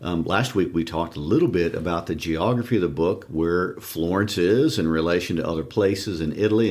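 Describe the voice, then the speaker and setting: A man co-hosting a literature podcast, explaining a classic book in a thoughtful, unhurried way with frequent fillers. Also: deep voice. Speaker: podcast co-host. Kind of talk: casual literary discussion.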